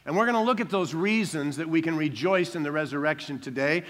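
A man preaching an Easter sermon, emphatic, calling for amens and dropping soft and slow on solemn lines. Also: on the high side. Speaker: pastor.

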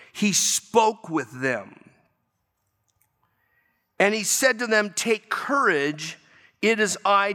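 A man preaching a sermon as pastor, reading scripture slowly and then speeding up with lively emphasis. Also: on the high side. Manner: varied pace, lively emphasis, slows for scripture. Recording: long reverb of a large hall.

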